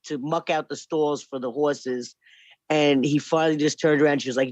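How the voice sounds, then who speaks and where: A woman's voice: deep voice, moderate pace, darkish tone, no room sound, dull audio. Chatty woman on a podcast, tells stories, dry close sound. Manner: chatty storyteller, playful put-on voices. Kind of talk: casual chat.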